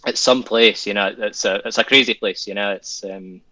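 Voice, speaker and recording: A man's voice: fairly low pitch, steady tone, moderate pace, sharp tone, no echo. A Scottish man chatting as a podcast guest, rambling and restarting, chuckling often. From Scotland. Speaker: guest, tattoo artist and children's author. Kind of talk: casual podcast conversation.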